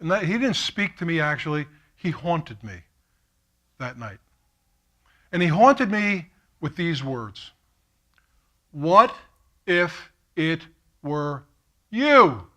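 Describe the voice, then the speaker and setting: A middle-aged man, giving an impassioned keynote speech as a story, acting out the voices of others and moving from hushed to fervent. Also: fairly high pitch, measured pace, pauses often. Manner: animated, quotes himself and others, swings from hushed to fervent. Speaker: keynote speaker. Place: lecture hall at a college.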